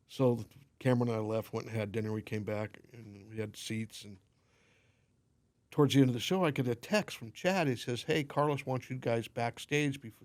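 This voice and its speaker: A man telling lively backstage stories. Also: mid-range voice. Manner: animated storyteller, acts out quoted dialogue. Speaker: podcast guest, limo company owner. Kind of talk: casual anecdote telling.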